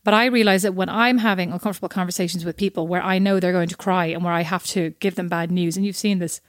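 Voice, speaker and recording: A woman's voice: fairly low pitch, steady tone, fast talker, no echo. A woman co-hosting a podcast in casual chat, talkative and acting out the voices of people she quotes. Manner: chatty, acts out quoted voices. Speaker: podcast co-host.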